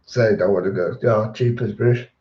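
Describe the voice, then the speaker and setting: A young man, chatting casually on a live stream and answering viewer questions in a rambling, relaxed way. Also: fairly low pitch, moderate pace. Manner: relaxed, rambling, repeats words when distracted. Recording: dull roomy home stream audio.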